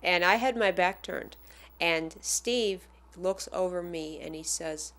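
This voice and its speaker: Lower-voiced woman telling a fan story. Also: slow. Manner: animated, acts out the voices of the people in her story. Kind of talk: casual personal storytelling.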